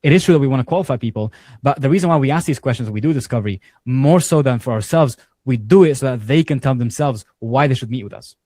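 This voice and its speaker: A man's voice: mid-range voice, quick pace, few pauses, warm tone, no room sound. A man who is a sales coach, running a live group training call in a conversational way with casual fillers. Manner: conversational, talks with hands-on examples and casual fillers.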